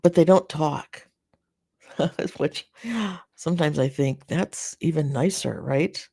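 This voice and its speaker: A live garden chat host from North America talks casually, reading viewer comments in a rambling, faltering way with frequent fillers and restarts, sympathetic to those watching. The mid-range voice is warm, with vocal fry and a breathy edge, in a dry, studio-quality recording.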